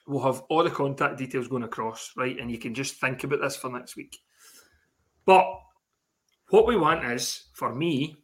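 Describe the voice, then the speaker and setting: A man co-hosting a podcast, talking in sweary, rambling banter. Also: mid-range voice. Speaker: podcast co-host. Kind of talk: casual chat.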